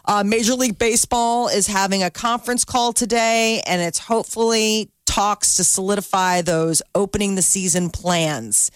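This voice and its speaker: A woman in a dry, close studio reads the day's news for a morning show. Her voice sits at a middle pitch. She keeps it casual and talky and laughs between items. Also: steady tone, moderate pace, few pauses, dry recording.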